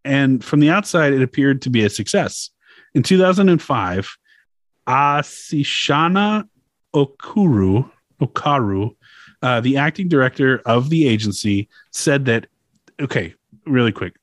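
A man's voice: medium pitch, expressive, measured pace, no echo, clean studio sound. A man hosting a podcast, explaining a topic in a loose, chatty way with laughs and swearing. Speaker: podcast host. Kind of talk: casual chat.

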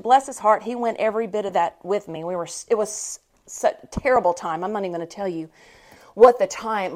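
A woman hosting a podcast, telling a story in a chatty, animated way. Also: a little high. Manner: chatty and animated, with frequent laughs. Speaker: podcast host. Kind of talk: casual storytelling monologue.

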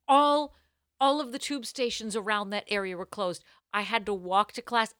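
Bright, animated woman telling a story. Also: a little high, moderate pace, clear, resonant tone, no room sound, studio quality. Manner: animated, self-mocking storyteller. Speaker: podcast co-host. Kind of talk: casual storytelling chat.

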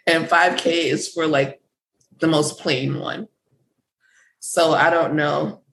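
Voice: medium pitch, steady tone, takes it slowly, vocal fry, a bit bright, slight background noise, low-quality recording. A podcast co-host in a casual, gossipy chat about reality TV, swearing freely and filling with "like.".

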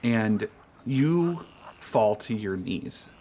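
A man narrating a tabletop game as game master in a slow, descriptive manner. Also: fairly low pitch, expressive, warm tone, a little hiss or hum.

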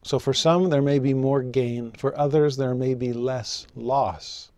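A man teaching a scripture lesson, telling personal stories with animation and slowing down to read verses solemnly. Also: no echo. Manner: expressive, rises in pitch for rhetorical questions.

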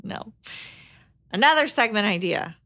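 A woman co-hosting a podcast, chatty and quick to ask questions and laugh. Her voice sits at an ordinary middle pitch. It is recorded close and dry. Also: animated, vocal fry, sharp tone, no echo. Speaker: podcast co-host. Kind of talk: casual podcast chat.

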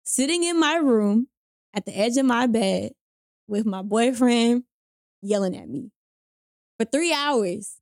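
Young woman, higher voice, dry close sound, chatty storyteller who acts out the voices. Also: slow pace, long pauses, no echo. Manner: animated, lots of "like", acts out quoted voices. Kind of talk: casual storytelling chat.

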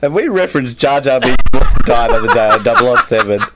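A man's voice: mid-range voice, lively intonation. Podcast co-host, man, wisecracking, wide-ranging voice, noisy recording. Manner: joking, quick to laugh. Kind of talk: casual movie commentary chat.

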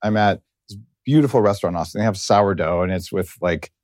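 A man's voice: on the low side, fast, a little mellow, no room sound, clean studio sound. A middle-aged man hosting a casual interview, talking in a rambling way that often breaks off and circles back. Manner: rambling, tangential, self-interrupting. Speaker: podcast host.

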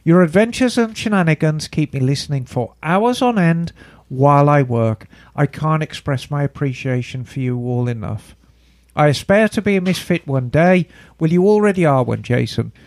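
A man with a high, lively voice reads a listener's email on a podcast. He keeps interrupting himself with jokey comments. The sound is dry and close. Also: normal speed, no room sound. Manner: playful, breaks into jokey comments and put-on asides while reading. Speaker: podcast co-host. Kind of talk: casual chat, reading listener email aloud.

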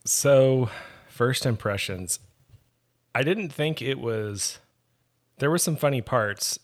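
A man's voice: medium pitch, animated, slow pace. A man talking as a podcast guest in casual chat, rambling and hesitant, often trailing off.

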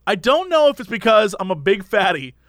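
A man's voice: high voice, sing-song, fairly quick, a bit bright, no echo. A man co-hosting a casual chat podcast, ranting animatedly about everyday annoyances. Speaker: podcast co-host.

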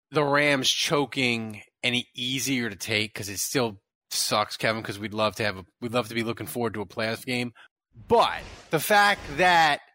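Casting note: man host, bright forceful voice, animated rambling sports talk, dry close sound. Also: on the high side, no echo. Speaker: podcast host. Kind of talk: casual sports talk show.

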